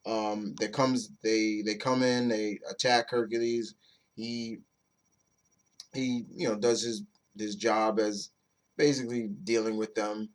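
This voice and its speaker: A man's voice: on the low side, level tone, takes it slowly. A man giving a casual, rambling comic book review, loose and chatty with mild swearing and frequent restarts.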